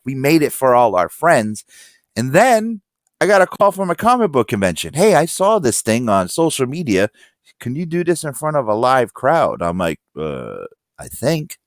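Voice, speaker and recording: A man telling stories in a casual podcast chat, acting out quotes loudly. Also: medium pitch, no echo, clean studio sound. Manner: animated storyteller, acts out quotes loudly. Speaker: podcast guest.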